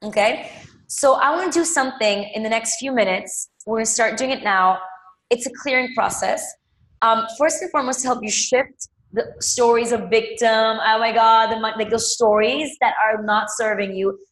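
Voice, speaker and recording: A woman's voice: fairly high pitch, moderate pace, fairly bright tone, roomy sound. A woman leading a live money coaching session, emphatic, repeating phrases and calling viewers by name. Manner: addresses viewers directly by name.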